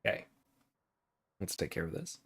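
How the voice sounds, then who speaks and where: A man thinking aloud with many fillers as he hosts a game playthrough as a philosophy professor, in casual commentary. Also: moderate pace. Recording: game sound over the voice. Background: video game audio.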